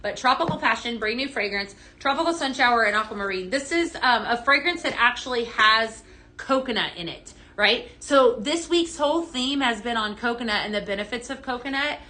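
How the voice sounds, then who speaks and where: A woman hosting a live product demo. She chats casually and eagerly with viewers she cannot see, with many "um"s and small restarts. Her voice sits a little high and sounds bright and forceful, with a faint hiss of noise behind it. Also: lively intonation, brisk. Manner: chatty, reads and answers viewer comments; enthusiastic with fillers and restarts. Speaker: host of a live home-fragrance sales show.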